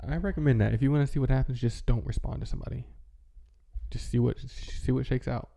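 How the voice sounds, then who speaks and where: A man's voice: medium pitch, fast, gravelly, background noise. A man in casual, rambling chat as a vlogger, with many fillers and restarts. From American Midwest. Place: home, with his dog nearby.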